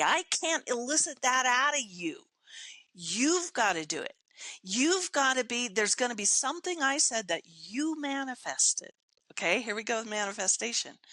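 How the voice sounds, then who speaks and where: An older woman with a bright, ringing voice pitched a little high talks in a lively, emphatic way. She laughs easily and tells stories as a podcast guest in casual chat, with a dry, close sound. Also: dry recording. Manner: animated storyteller, acts out her own inner voice.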